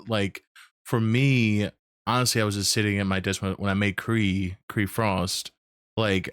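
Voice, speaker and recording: A man's voice: fairly low pitch, a bit bright, smooth, no room sound, clean studio sound. A man hosting a casual chat who rambles and restarts as he hunts for words. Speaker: podcast host.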